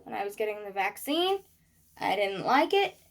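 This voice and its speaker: A woman telling a personal story in a vlog, animated, acting out what people said. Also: mid-range voice, moderate pace, creaky, very noisy. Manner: animated storytelling with acted quotes. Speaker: vlogger.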